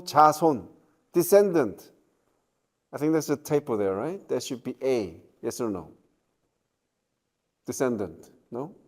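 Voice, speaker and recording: A man giving a university lecture, checking in with the class and pausing on fillers. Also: fairly high pitch, a little mellow. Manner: slow, with many fillers and checking questions. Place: lecture room.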